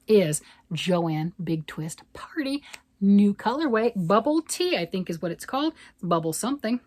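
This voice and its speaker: A woman's voice: lowish voice, darkish tone, breathy edge, no echo. An older woman, a grandmother, chatting casually about yarn and knitting on her vlog, rambling and often asking "right?". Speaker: yarn vlogger. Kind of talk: casual chat.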